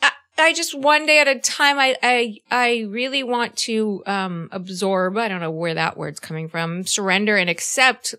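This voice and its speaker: A woman in her fifties hosting a podcast in casual conversation, earnest and halting, acting out little quotes as she talks. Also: mid-range voice, sharp tone, clean tone. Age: 50s. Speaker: podcast host.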